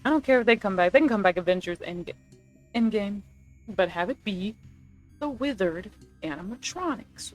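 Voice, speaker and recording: A young woman chatting casually as a video creator, rambling and excitable, correcting herself as she pitches ideas. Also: normal speed, soft background music. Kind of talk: casual chat, movie rewrite ideas.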